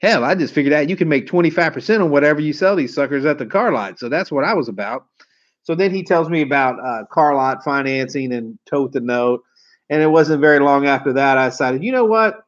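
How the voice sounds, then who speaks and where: A man's voice: fairly high pitch, a little fast. A man, a car sales trainer telling rambling, salty stories to camera. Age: 40s. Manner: swearing, folksy, rambling storyteller. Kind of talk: storytelling to camera. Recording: dull lo-fi recording.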